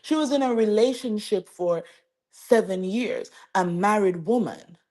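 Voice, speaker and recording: Slow-talking woman gossip host. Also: medium pitch. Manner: chatty, animated, addresses viewers as y'all. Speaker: host of a celebrity gossip show. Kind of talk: casual commentary to camera.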